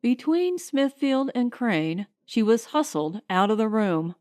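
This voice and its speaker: Slow, expressive woman narrator. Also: a little high, no echo, clean studio sound. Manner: measured, expressive storytelling. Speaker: audiobook narrator. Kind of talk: scripted narration. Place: home recording area.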